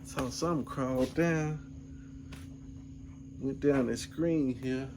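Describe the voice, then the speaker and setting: A middle-aged man in a casual vlog, rambling through a story in an easygoing way. His voice sits at an ordinary middle pitch, and faint background noise hums behind him. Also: slow, long pauses, darkish tone. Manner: laid-back, rambling, peppered with "man" and "you know what I'm saying". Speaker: vlogger.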